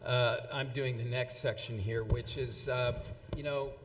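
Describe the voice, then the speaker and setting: A man's voice: mid-range voice, steady tone, unhurried, slight background noise. A man giving a speech at an anniversary event, reading quotes with frequent fillers and restarts. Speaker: event presenter. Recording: long hall reverb.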